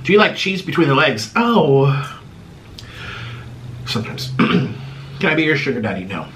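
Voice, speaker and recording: A man's voice: sing-song, unhurried, fairly bright tone, far from the mic, slight background noise. A man in his thirties hosting an eating video at home, answering viewer questions in a sarcastic, theatrical way. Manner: sarcastic, theatrical, swings between high and low pitch. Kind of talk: casual chat while eating.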